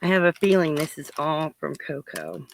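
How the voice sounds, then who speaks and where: A woman's voice: low voice, fairly even intonation, moderate pace, creaky, slight background noise, poor audio. A woman hosting her crafting channel, chatting casually to viewers as she opens their parcels, gushing and giggling often. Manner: thinks aloud while unwrapping. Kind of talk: casual unboxing chat to viewers.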